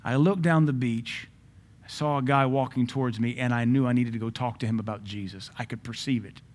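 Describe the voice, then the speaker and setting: A man's voice: medium pitch, fairly even intonation, a little fast, a little mellow. A man preaching a sermon, telling personal stories in a conversational way.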